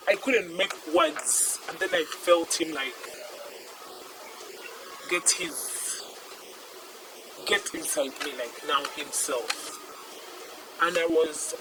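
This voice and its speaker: A young woman gives a personal testimony, halting and repeating herself, often sinking to a near whisper. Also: fairly low pitch. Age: young adult. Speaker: interviewee. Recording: noisy background hiss.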